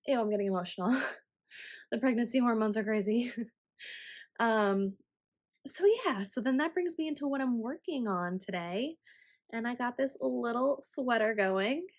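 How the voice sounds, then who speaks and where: A woman around thirty chatting casually as a knitting vlogger, rambling with frequent ums and laughing warmly now and then. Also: on the high side, moderate pace, pauses often. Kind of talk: casual chat.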